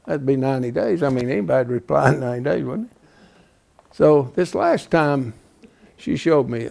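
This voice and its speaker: A man's voice: medium pitch, normal speed, vocal fry. A man in his seventies preaching, telling a folksy story with rising animation. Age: 70s. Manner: folksy, animated, builds to loud. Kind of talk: storytelling sermon.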